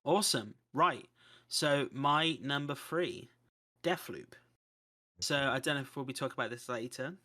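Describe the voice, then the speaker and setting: A man's voice: medium pitch, measured pace, pushed and bright. A man hosting a podcast, cueing each co-host with brief upbeat remarks. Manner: upbeat, moves the show along with short cues. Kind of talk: casual chat.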